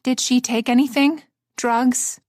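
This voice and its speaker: A woman narrator voicing a calm, businesslike female doctor who speaks briskly and professionally. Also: fairly high pitch, no room sound, studio quality, pitched above the performer's own voice. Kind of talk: audiobook character voice.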